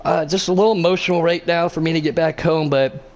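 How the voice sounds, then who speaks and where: A man's voice: fairly high pitch, fairly even intonation, fast. A man giving casual, joking commentary on an online race, laughing often. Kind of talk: casual sim-racing commentary.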